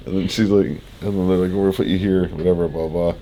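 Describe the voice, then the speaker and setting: A young man with a notably low voice tells his story casually, laughing as he goes and peppering it with swearing and fillers. He sounds groggy, as if just out of surgery, with a faint hiss of background noise under him. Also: steady tone, moderate pace, long pauses, dark tone. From Canada. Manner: laid-back, laughing often, swearing, rambling with many likes. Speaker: fitness vlogger. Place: hospital room.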